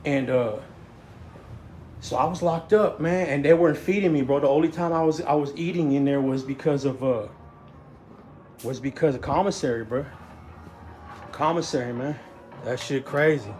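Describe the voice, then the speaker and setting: A man's voice: on the high side, moderate pace, pauses often, darkish tone, soft background music. A man, telling a story in a rambling way, stammering and restarting, saying "you know what I'm saying" over and over. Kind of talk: casual storytelling. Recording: echoey room, faint noise.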